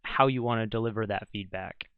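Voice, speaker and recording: A man's voice: fairly low pitch, fairly quick, smooth, dry recording. A man, a psychologist and podcast co-host, chatting casually and offering reflective advice. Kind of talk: casual chat. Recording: dry, slightly dull lo-fi sound.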